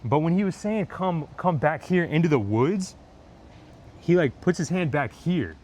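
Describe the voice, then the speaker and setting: Animated young man telling a storytime. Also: a little high, a little slow. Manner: animated retelling with frequent fillers. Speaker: vlogger. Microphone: lapel mic on shirt.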